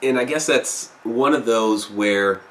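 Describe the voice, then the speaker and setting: A man with a somewhat low voice talks casually to his live audience. He rambles, pauses on fillers and reacts to viewer comments as he reads them. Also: a bit bright. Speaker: live stream host.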